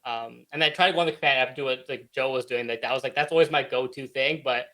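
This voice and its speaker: A man's voice: medium pitch, quick pace, sharp tone. A man co-hosting a casual podcast chat, talking in a laid-back way full of "like" fillers. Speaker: podcast co-host.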